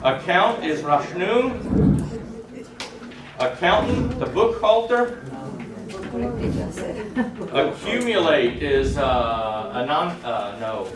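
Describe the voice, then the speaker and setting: Brief: man leading a class, slow and halting, slightly high voice, roomy class recording taken from far off, crowd behind. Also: lively intonation. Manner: halting, with many filler sounds, asks the class for help. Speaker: class leader. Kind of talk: reading a vocabulary list aloud in class. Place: classroom with a group of students.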